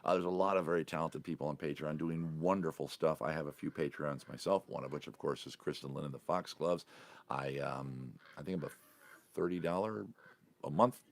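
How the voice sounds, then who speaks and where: A middle-aged man hosting a casual coffee chat with his supporters, rambling and often breaking off mid-sentence. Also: fairly quick. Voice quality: low gravelly voice. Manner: rambling, self-interrupting, chatty. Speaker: entertainer and vlog host.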